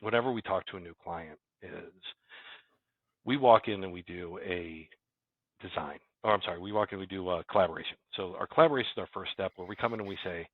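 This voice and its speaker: A man's voice: low voice, fast talker, dry recording. A man, a company president, talking casually as a guest and rambling with many restarts. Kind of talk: casual interview talk. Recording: dry, phone-like remote call audio.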